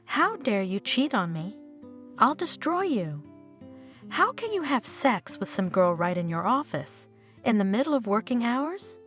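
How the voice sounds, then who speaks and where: A furious betrayed wife, as a storyteller puts her on, hurling indignant outbursts in a high, swooping voice. Her pitch leaps all over as she rails. Soft guitar plays behind. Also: sing-song, unhurried. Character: furious betrayed wife, young adult woman.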